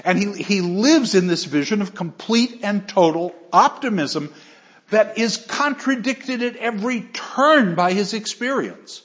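A man giving an animated, emphatic lecture on literature, often restarting his phrases. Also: high-pitched, measured pace. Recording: slightly dull lo-fi recording.

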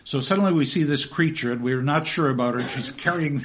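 A man's voice: fairly high pitch, fairly quick, few pauses, a bit bright. A man lecturing on a novel and reading passages aloud, with chatty asides that end in "okay?".

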